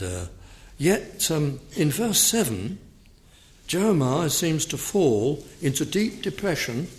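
Male Bible teacher, unhurried, mid-pitched, measured exposition with scripture readings. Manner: measured, explanatory, reads scripture aloud with emphasis.

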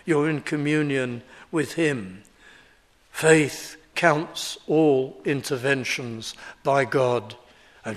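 Slow, emphatic older preacher. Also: male voice, mid-range voice. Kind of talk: sermon.

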